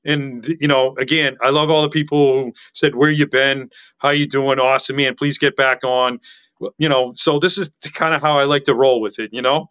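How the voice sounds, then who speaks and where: A man talking as a podcast guest in casual chat, excitable and rambling, with a loud voice that carries. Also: medium pitch, moderate pace, clean tone, lo-fi sound.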